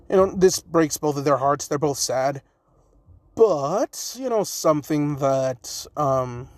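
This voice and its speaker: A man's voice: on the high side, dry recording. Rambling man narrating a fan story. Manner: rambling, many "you know" fillers.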